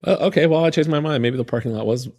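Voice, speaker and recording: Man, very quick chat, mellow tone, cuts in to add details. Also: a little high. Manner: chiming in, finishing others' stories. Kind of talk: casual chat.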